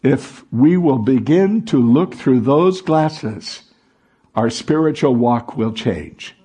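A man's voice: mid-range voice, expressive, takes it slowly, warm tone, slightly rough. A man preaching a sermon to a congregation, asking the room call-and-response questions. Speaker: pastor.

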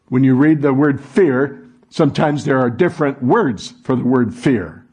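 A man's voice: medium pitch, measured pace, a little mellow, slightly rough. A man preaching a sermon to a congregation, asking the room call-and-response questions. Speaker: pastor.

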